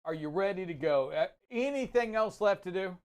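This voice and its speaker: High-voiced jokey male host. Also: expressive, moderate pace, darkish tone, clear, resonant tone. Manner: jokey, puts on a mock Australian accent. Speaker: show host. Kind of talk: casual radio-style banter.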